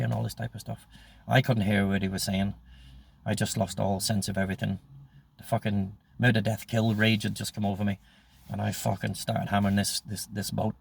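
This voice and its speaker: A man's voice: lowish voice, gravelly, slight background noise. A man in his sixties telling a story from his past, blunt and profane, often breaking off and restarting. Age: 60s. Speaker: storyteller recounting his life. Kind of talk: personal storytelling monologue.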